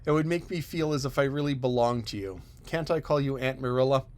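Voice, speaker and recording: A man's voice: mid-range voice, brisk, a little mellow, lightly acted. A man reading an audiobook, voicing an eager, talkative orphan girl who pleads breathlessly and wistfully. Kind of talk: audiobook character voice.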